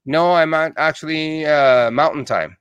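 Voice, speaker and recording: A man's voice: fairly high pitch, unhurried, a bit bright, clear, resonant tone, no echo. A man from Canada hosting a casual online interview, friendly and chatty with many "uh"s, still in his morning voice. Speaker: interview host.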